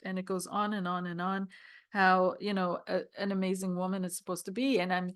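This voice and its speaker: A woman's voice: fairly low pitch, flat delivery, brisk, clean tone, no echo, clean studio sound. A woman reviewing a tarot deck, reading scripture passages aloud and talking with emotional, tearful awe. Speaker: tarot reader.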